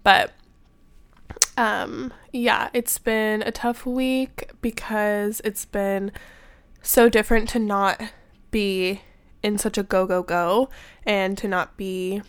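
A young woman hosting a self-development podcast, talking in a soft, meandering, casual way with a slightly stuffy voice from a recent illness. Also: mid-range voice, fairly even intonation, slow, smooth, no room sound. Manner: soft-spoken, meandering, with fillers. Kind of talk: casual reflective podcast talk.

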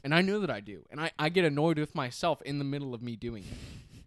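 A man's voice: fairly high pitch, expressive, fast, no echo, clean studio sound. A young man co-hosting a podcast in casual chat, rambling and hedging as he picks on himself. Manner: rambling, hedging, self-critical. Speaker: podcast co-host.

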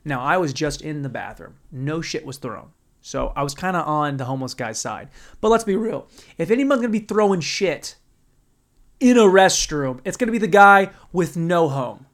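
A man's voice: on the high side, animated, normal speed. A man doing stand-up storytelling in a profane, rambling, bro-ish way. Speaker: stand-up comedian.

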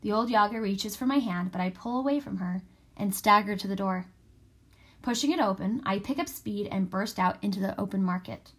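A woman reading a first-person story aloud in a steady, expressive way. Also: mid-range voice, brisk. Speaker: audiobook narrator. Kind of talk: scripted first-person narration.

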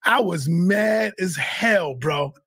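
Heated guy cussing n shouting his way thru a story, dry close sound. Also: high-pitched, animated, slow pace, husky, dry recording. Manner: loud, shouts when telling the story; swears a lot, heated. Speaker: guest. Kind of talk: animated storytelling.

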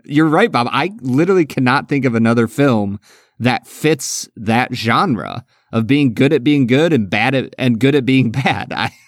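A man's voice: mid-range voice, moderate pace, no room sound, clean studio sound. A man co-hosting a podcast, gushing casually about a film, laughing often and saying "like" a lot. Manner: enthusiastic, laughs often, uses fillers like "like" and "dude". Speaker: podcast co-host.

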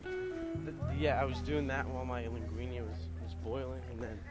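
Hesitant young man, halting speech. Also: medium pitch, fairly even intonation, over loud music. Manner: halting, hesitant, with many fillers. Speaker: guest. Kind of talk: joking walk-and-talk chat.

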